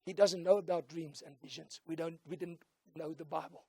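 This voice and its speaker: South African male pastor, middle-aged, high voice, sermon swinging from soft to shouted, dry close sound. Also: fairly even intonation, fairly quick, slightly rough, no room sound. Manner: switches between soft storytelling and loud call-and-response shouting.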